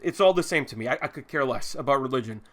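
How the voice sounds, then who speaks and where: A man's voice: mid-range voice, lively intonation, fast, a bit bright. A man hosting his own show, delivering an emphatic, indignant commentary rant with profanity and long strings of repeated phrases. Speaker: host. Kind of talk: ranting commentary monologue.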